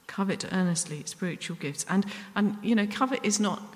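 A woman delivers a sermon, earnest and gently self-deprecating, stumbling and restarting now and then. Her voice sits at a middle pitch. A long reverb trails behind her words in a church hall. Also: moderate pace. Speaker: preacher.

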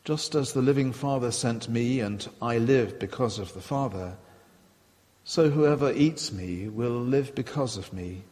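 Preacher, male, unhurried, reflective sermon voice with long church reverb. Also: medium pitch, darkish tone. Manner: measured, reflective, quoting scripture aloud. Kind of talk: sermon retelling scripture.

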